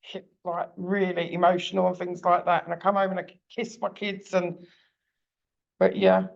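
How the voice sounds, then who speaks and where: Blunt woman telling her story, gravelly voice, kinda muffled lo-fi audio. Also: on the low side, flat delivery, moderate pace. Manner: blunt, plain-spoken storytelling with acted-out quotes. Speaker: parent advocate. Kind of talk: telling a personal story in a seminar.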